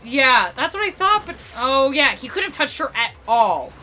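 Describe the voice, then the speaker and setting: A young woman hosting a let's play, reacting out loud in an excitable way. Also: high-pitched, normal speed. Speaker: gaming video host.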